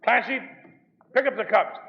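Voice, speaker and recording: A man shouting as a gruff bullying sponsor. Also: high voice, moderate pace, long reverb tail, lo-fi sound, background noise, pitched above the performer's own voice. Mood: barking orders. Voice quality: barking, shouting. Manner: blunt, scornful orders. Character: gruff bullying male sponsor, middle-aged, impatient.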